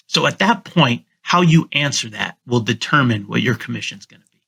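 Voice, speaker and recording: A man's voice: mid-range voice, animated, fairly quick, creaky, pushed and bright, breathy edge. A man on a remote call, a real estate agent talking casually and confidently as a guest, coaching listeners and often repeating himself. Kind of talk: casual interview chat.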